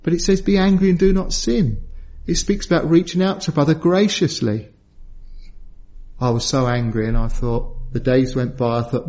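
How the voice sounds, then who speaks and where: A middle-aged man preaching a sermon, telling a personal story in earnest and lifting his voice high when he acts out quotes. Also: steady tone, normal speed, long pauses, a little mellow, muffled recording.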